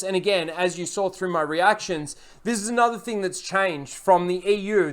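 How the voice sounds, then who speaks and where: A man recapping and reviewing a TV episode in a casual, rambling way, full of fillers and blunt, profane criticism. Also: sits high.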